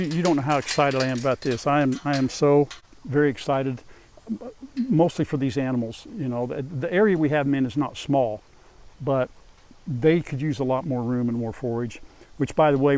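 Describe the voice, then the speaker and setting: An older man vlogging outdoors on his farm, chatting casually to viewers while he works around an animal pen. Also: darkish tone. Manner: folksy, chatty, calls out to animals in a high coaxing voice. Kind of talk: casual farm vlog, talking to camera while working.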